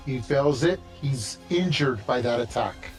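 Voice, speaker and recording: Man, game master, casual rambling narration, medium pitch, faint background music. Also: a little slow, rough recording.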